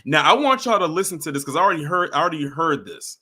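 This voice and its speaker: Bright-voiced, animated male livestream host. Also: a little high, fast, husky. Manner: animated, mocking, chats with viewers. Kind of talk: casual reaction commentary.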